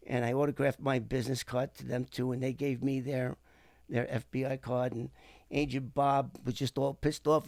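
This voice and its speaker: A middle-aged man with a gravelly, fairly high voice tells a story as an interview guest. He acts out the voices of the people in it with lots of energy. The sound is dry and close to the mic. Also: no room sound. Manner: animated, acts out quoted voices. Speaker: guest, former FBI informant. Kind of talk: casual storytelling.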